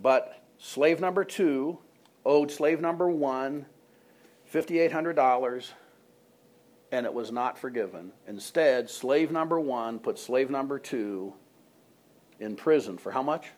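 A man's voice: mid-range voice, takes it slowly, a little mellow. A male pastor preaching a sermon to a congregation, retelling a story in a conversational way and asking the room questions.

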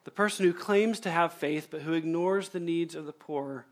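A male pastor preaching a sermon, emphatic and measured, repeating key phrases and slowing down to stress them. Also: on the high side.

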